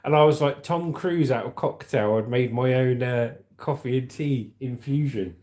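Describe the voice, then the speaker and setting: A man's voice: mid-range voice, moderate pace, darkish tone. A man hosting a casual livestream, chatting and reading out viewer comments in a rambling way. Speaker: livestream host. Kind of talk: casual live chat.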